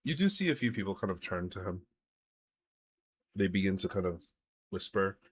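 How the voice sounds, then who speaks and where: Low, husky-voiced male game master. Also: lively intonation, moderate pace. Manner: loose, hesitant narration full of likes and uhs. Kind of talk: narrating a tabletop game live.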